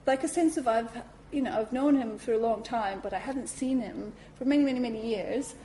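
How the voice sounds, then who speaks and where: A woman giving a talk at a Buddhist centre, telling a personal story in a lively way, acting out her reactions and saying "you know" often. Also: a little high, brisk, a little hiss or hum, poor audio.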